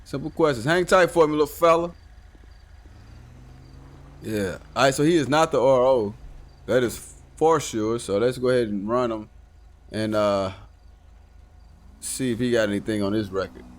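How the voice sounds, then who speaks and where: Commentating a live game stream in a casual way, a man mutters to himself, cursing and erupting in abrupt loud bursts. His voice is mid-range and his pace moderate.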